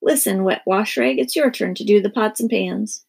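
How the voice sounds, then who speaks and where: A teasing storybook older brother who needles his sister, as a woman reader puts him on. His voice is rough and gravelly. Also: mid-range voice, moderate pace, darkish tone.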